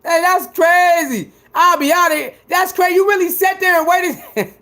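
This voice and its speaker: A man doing casual livestream commentary, talking back to his viewers in an animated, emphatic way. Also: very high-pitched, moderate pace. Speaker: livestreamer reacting to chat.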